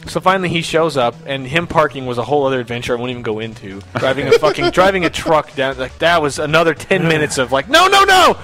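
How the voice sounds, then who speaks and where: A man hosting a podcast tells a story in casual chat, swearing freely and acting out what other people said. His mid-range voice is a bit bright, and he talks quickly with few pauses.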